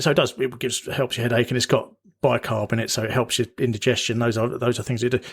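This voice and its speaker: A British man hosting a podcast in casual chat, rambling and correcting himself as he goes. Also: mid-range voice. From Britain. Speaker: podcast host.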